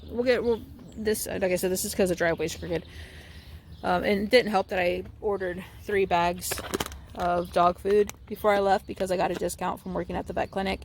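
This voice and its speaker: Woman, young adult, casual vlog, anxious rambling, mid pitch, faint noise. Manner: anxious, rambling, frequent restarts. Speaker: vlogger. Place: at home, indoors and by the car outside.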